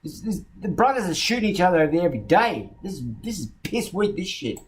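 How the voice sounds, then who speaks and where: 一位带澳大利亚口音的男子在做反应视频评论，语气愤怒，满口粗话，不断嘲讽。. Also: male voice, high voice, big pitch swings, fast, a little hiss or hum. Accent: Australian. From Australia. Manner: angry, profane and mocking. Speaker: video commentator reacting to a clip. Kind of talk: ranting reaction commentary.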